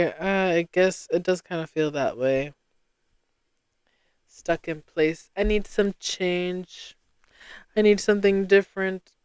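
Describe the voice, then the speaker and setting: A young woman from Rhode Island hosting a casual solo podcast, rambling and self-deprecating with sudden bursts of excitement. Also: on the low side, smooth, no echo. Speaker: podcast host.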